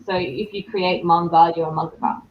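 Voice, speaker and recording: A woman's voice: lowish voice, fairly even intonation, fairly quick. A woman in a casual chat, explaining a term in a friendly, explanatory way. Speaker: guest artist. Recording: echoey, dull, noisy.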